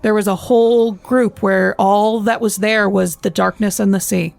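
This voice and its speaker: Gravelly-voiced woman playing a tabletop game. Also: medium pitch, normal speed, no room sound. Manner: calm, curious questioning. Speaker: player. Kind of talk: casual tabletop roleplay.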